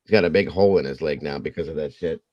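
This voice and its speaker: A man's voice: rumbling low, fast talker, no echo, muffled recording. A man hosting a casual livestream, rambling and acting out the voices in his stories. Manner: rambling, animated storyteller acting out quotes. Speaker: true crime livestream host.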